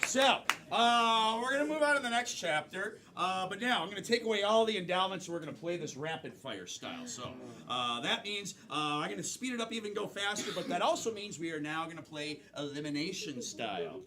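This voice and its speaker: High-voiced American man hosting improv. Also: expressive, fairly quick, few pauses. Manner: upbeat, emphatic announcing. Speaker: improv show host. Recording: live show with crowd and noise.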